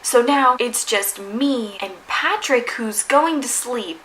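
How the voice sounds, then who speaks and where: A woman's voice: fairly high pitch, a little hiss or hum, poor audio. A young woman vlogger dramatically retelling a story, peppered with "like". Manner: animated, dramatic retelling with frequent "like". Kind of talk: storytime narration.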